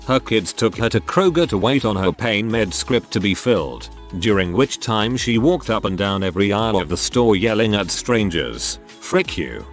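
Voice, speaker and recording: A man narrating a run of internet stories in a steady, even reading voice. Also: fairly low pitch. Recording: faint music behind.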